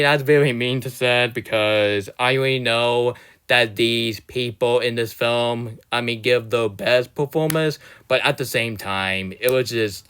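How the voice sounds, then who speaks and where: A man's voice: medium pitch, fairly bright tone, clean tone. A young man delivering a rambling, exasperated movie rant in a casual, loose way. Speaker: movie reviewer.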